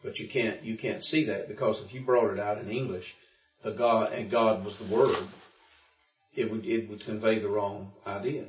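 A low-voiced man teaching Greek and walking through the grammar patiently, often restarting his sentences. The recording is muffled and echoey. It was picked up from across the room. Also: steady tone, moderate pace. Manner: thinks aloud with frequent restarts, explaining patiently. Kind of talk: informal classroom lesson. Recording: muffled and roomy, from far off.

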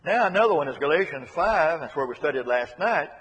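A man's voice: fairly high pitch, lively intonation, a little fast, a bit bright, husky. A man preaching a sermon in an earnest, emphatic way, repeating his key phrases to drive them home. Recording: echoey hall, dull lo-fi sound.

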